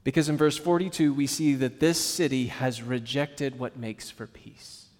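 A man preaching a sermon as pastor, acting out quotes and dropping to a soft hush on sad points. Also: mid-range voice, steady tone, moderate pace, big-room sound.

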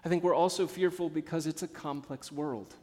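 A man preaching a sermon as a pastor, telling stories and moving from hushed, low passages to emphatic ones. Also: steady tone, brisk. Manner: storytelling, swings from hushed to emphatic. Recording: long hall reverb.

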